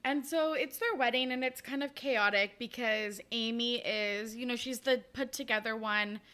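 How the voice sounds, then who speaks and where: A woman's voice: fairly high pitch, normal speed, pushed and bright. A woman hosting a book podcast, chatty and casual, recapping a novel with a laugh and the odd swear. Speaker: podcast host.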